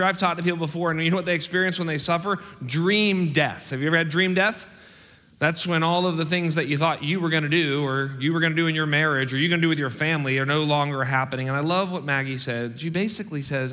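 A middle-aged man preaching from the stage of a large church auditorium, his bright, forceful voice carrying a long hall reverb. He shifts from loud, rallying calls to the congregation to quiet, confiding asides. His pitch sits a little high for a man. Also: fast talker. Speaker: pastor. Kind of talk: sermon and church announcements.

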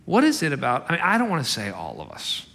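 A man preaching a sermon as a pastor, animated and emphatic, acting out the quotes he tells. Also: medium pitch, fast, vocal fry. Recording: long hall reverb.

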